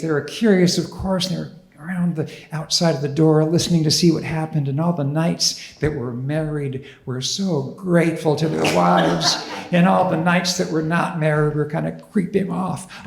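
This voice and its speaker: Man, storyteller, dramatic delivery, raspy fry, reverberant church hall. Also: a little high. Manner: animated, dramatic. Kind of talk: live storytelling performance.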